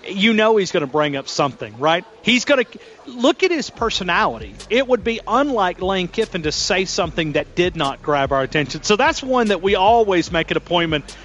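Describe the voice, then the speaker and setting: A man's voice: sits high, big pitch swings, a little fast, a bit bright, muffled recording, a little hiss or hum. A man calling into a sports radio show as a reporter, chatty and rambling with frequent restarts.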